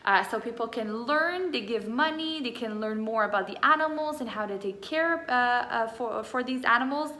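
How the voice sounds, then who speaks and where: A first grade teacher patiently walks young children through a math lesson, her voice on the high side with a sharp tone, moderate pace, few pauses and plenty of fillers. It's a recorded classroom lesson in a home room with a whiteboard, and the room sounds echoey.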